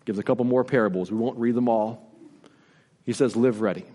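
A man's voice: mid-range voice, brisk, dark tone. Earnest preaching man in a reverberant hall. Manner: earnest, repetitive preaching with rising emphasis. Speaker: pastor. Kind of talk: sermon.

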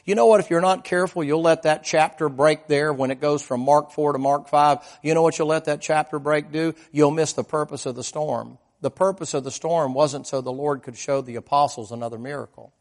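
A man delivers a sermon in a folksy style, telling vivid stories and putting questions to the congregation. His tone is steady and his pace brisk with hardly any pauses, yet he swings between loud, emphatic lines and low, quiet asides.

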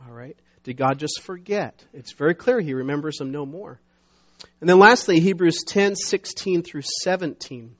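A man's voice: fairly high pitch, moderate pace, fairly bright tone. A middle-aged man preaching a sermon as pastor, talking conversationally with many restarts and fillers, growing emphatic when he reads scripture. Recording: dull lo-fi sound.

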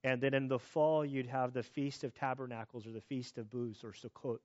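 A man's voice: medium pitch, steady tone, normal speed, darkish tone, no room sound, muffled recording. A man in his thirties preaching a sermon as pastor, in a loose conversational way with restarts and asides.

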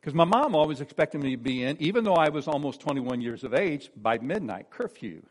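A man in his sixties giving an earnest personal testimony as a preacher. He tells the story warmly and drops soft and low whenever he quotes someone. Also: animated, a little fast.

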